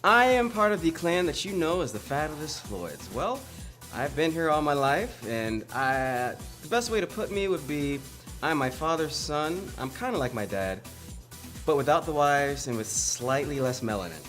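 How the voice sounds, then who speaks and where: A man's voice: on the high side, very animated, moderate pace, fairly bright tone, faint music behind. A young man from the United States, a singer and performer, introducing himself in a wisecracking, playful promo interview.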